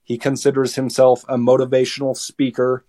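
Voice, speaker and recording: A young man in his late teens talks as a podcast guest. He tells his side of a story in a heated, lively way and often stumbles and restarts mid-sentence. His voice sits at an ordinary male pitch. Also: normal speed. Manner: heated, animated retelling with many restarts. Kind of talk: casual storytelling.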